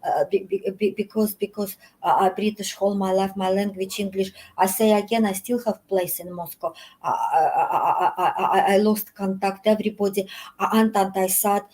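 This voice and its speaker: A woman from Russia with a Russian accent, a guest chatting casually in halting, broken English full of restarts. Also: mid-range voice, steady tone, darkish tone, rough recording. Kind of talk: casual chat. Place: hotel.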